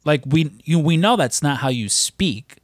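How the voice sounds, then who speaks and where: A man's voice: on the high side, expressive, measured pace, dry recording. Guy rambling on a podcast, says like a lot, dry close mic. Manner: rambling, heavy use of "like" and "you know". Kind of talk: casual chat.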